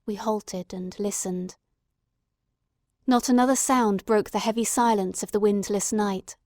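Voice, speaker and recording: A woman giving steady, dramatic scripted narration of an audiobook. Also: medium pitch, a little slow, dry recording, studio quality.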